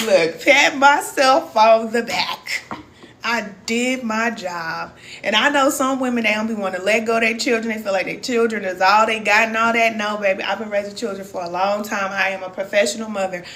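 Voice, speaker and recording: A woman's voice: medium pitch, moderate pace, fairly bright tone, slight background noise. A woman in her forties with a Southern US accent, speaking as a wellness coach and reading viewer comments aloud with a preacher-like cadence. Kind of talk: live-stream motivational talk.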